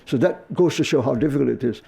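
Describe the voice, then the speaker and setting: A man's voice: medium pitch, fast talker, gravelly, dark tone, husky. An older man giving a university lecture, answering an audience question thoughtfully and restarting often as he searches for words. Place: lecture hall.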